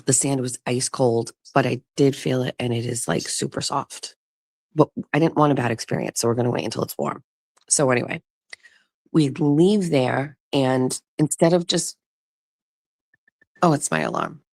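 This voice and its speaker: A woman hosts a casual chat show and tells a long, rambling story. She drops in offhand swears and restarts her sentences often. Her voice has a gravelly fry, and the recording is close and dry with no room sound. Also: a bass voice, fairly even intonation, normal speed, a little mellow, no room sound. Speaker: show host. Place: vacation rental, talking outdoors.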